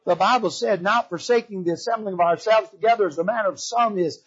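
A man preaching a revival sermon in church, swinging from loud emphasis to hushed pleading. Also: high-pitched, fast, few pauses, breathy edge, dull audio. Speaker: visiting preacher. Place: church sanctuary.

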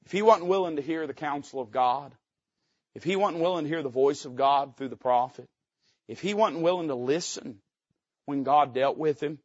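A man's voice: fairly high pitch, moderate pace, no echo. Male preacher, folksy and joking, punchy emphatic rises, muffled lo-fi recording. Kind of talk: sermon.

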